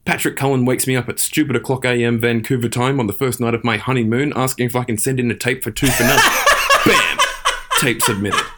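A man's voice: medium pitch, fairly even intonation, fast, few pauses, very noisy. A man giving a punchy, dramatic recap as a correspondent sending in a recorded report.

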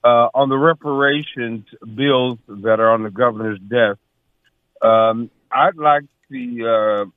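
A man in his sixties calling in to a radio talk show, halting and full of filler sounds. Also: mid-range voice, clean tone, dry recording. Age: 60s. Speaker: caller. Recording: tinny phone line.

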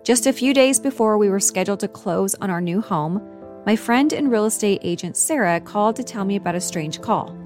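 A woman narrating her own true story in a measured, earnest scripted style. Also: medium pitch, expressive, darkish tone, faint music behind.

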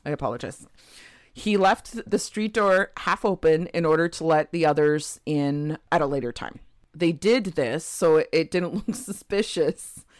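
A woman's voice: low voice, unhurried, dry recording, clean studio sound. A woman co-hosting a podcast, telling a true crime case in a casual way with frequent laughs and chatty asides. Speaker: podcast co-host.

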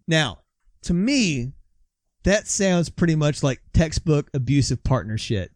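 A man hosts a casual podcast with a voice that sits fairly high for a man. He talks loosely, swears freely and laughs often. The sound is dry and close, with no room around it. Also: big pitch swings, unhurried, a little mellow, dry recording. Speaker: podcast host. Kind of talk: casual chat, reading out quotes.

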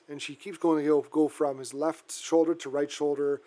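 Casual male co-host, slightly higher pitched, halting, lots of restarts. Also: level tone, dark tone. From Canada. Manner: halting, with frequent restarts and fillers. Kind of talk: casual chat recapping a horror film.

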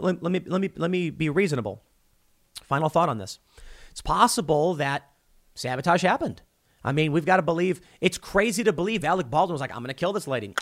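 A man hosting solo political commentary, talking in an animated, self-interrupting way. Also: a little high. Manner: animated, self-interrupting, mocking quoted voices.

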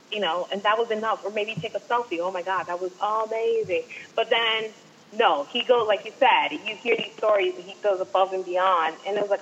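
A woman guest telling an excited fan story, acting out what people said, in casual chat. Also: medium pitch, dull audio.

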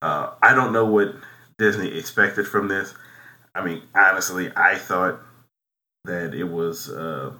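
A man co-hosting a casual movie podcast, talking things through in a halting, musing way. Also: sits low, sharp tone. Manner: halting, many fillers and restarts, musing. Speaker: podcast co-host.

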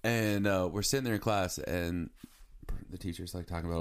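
Lowish-voiced guy on a podcast telling a story, jokey, laughs a lot. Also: moderate pace. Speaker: podcast co-host. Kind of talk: casual chat.

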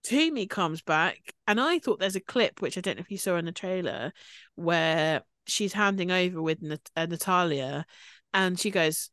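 A woman's voice: fairly low pitch, animated, moderate pace, a bit bright, dry recording, studio quality. A woman co-hosting a podcast, chatting casually as she recaps reality TV and acts out quotes from the shows. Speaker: podcast co-host.

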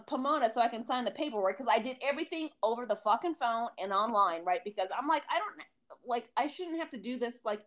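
A woman's voice: a little high, a bit bright. A woman co-hosting a casual podcast, ranting heatedly with lots of swearing and acted-out quotes. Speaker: podcast co-host. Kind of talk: casual chat.

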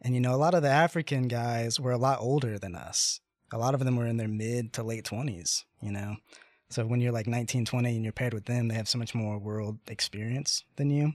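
A young man in his twenties hosting a casual chat, telling a story with lots of fillers and animated pacing. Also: medium pitch, fairly quick, no room sound, clean studio sound.

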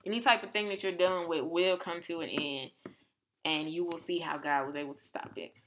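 A woman's voice: lowish voice, brisk, noisy background. A woman co-hosting a podcast, chatting casually about faith and acting out quotes with lots of energy. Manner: animated, conversational, acts out quotes. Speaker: podcast co-host.

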